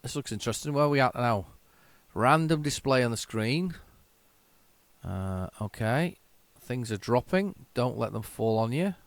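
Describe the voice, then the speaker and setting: Male gamer, self-mocking and excitable, lively swooping delivery. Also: mid-range voice, unhurried, no room sound. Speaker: retro game tape reviewer. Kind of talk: casual gameplay commentary.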